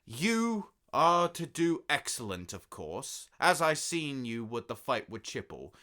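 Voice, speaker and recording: A man's voice: mid-range voice, very animated, measured pace, pushed and bright. A man playing a proud, theatrical emperor in a fan audio drama, speaking in a pompous, sarcastic way. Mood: scornful.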